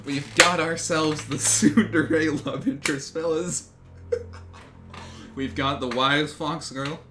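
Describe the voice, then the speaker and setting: A man streaming a game, reading its story text aloud in an excitable way, often swearing and laughing. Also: fairly high pitch, takes it slowly, very noisy.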